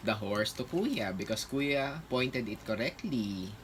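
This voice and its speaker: In a noisy home video chat, a father plays a snack guessing game with his kids, quizzing them in a playful, sing-song, coaxing voice and praising them a lot. His medium-pitched voice is animated and a little slow.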